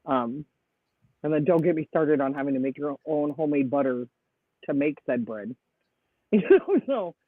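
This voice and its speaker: A man hosts a live stream, chatting casually at length, laughing often, and telling stories animatedly. His voice is on the high side at a normal speed, with frequent pauses. The sound is dry and tinny, like a phone, with no room sound.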